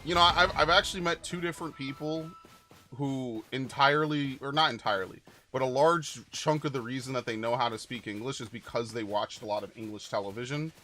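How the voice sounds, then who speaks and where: A man's voice: mid-range voice, brisk, sharp tone, soft background music. A young man rambling casually over gameplay, chatty and swearing offhand. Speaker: gaming channel host.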